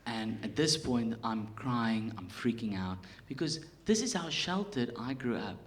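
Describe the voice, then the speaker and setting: A South African man in his thirties doing a stand-up set on a theatre stage, telling a story with animated swings in volume. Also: mid-range voice, unhurried. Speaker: stand-up comedian. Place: theatre stage, live audience. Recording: live theatre recording with hiss.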